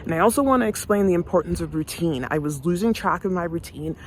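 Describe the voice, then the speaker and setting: A woman's voice: fairly low pitch, lively intonation, fast, a little hiss or hum. A woman chatting casually for her vlog while walking her dog outdoors, a little out of breath, breaking off to talk to the dog. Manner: chatty, talks to her dog between sentences. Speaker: vlogger.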